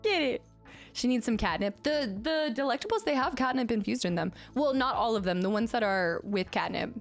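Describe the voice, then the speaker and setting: Giggly, excitable woman streamer. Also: fairly high pitch, fairly quick. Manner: excitable and giggly, cooing to her cat. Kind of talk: casual live-stream chat. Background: faint film music.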